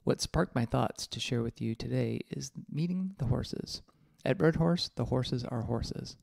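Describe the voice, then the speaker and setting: A man's voice: medium pitch, a little slow, gravelly, a little mellow, dry recording, clean studio sound. A male podcast host reading a personal essay aloud in a reflective, candid, mildly profane way.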